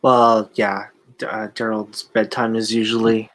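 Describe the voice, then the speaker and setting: Halting podcast co-host asking questions. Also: male voice, on the low side, level tone, a bit bright. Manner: halting, filler-heavy questions. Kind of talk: casual interview questions.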